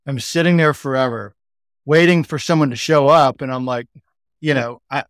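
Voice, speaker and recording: A man's voice: mid-range voice, moderate pace, no echo, clean studio sound. Laid-back Texan man telling a story. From Texas. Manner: chatty, laid-back, frequent 'like' and 'you know' fillers. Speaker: guest, sales executive. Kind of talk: casual anecdotal storytelling.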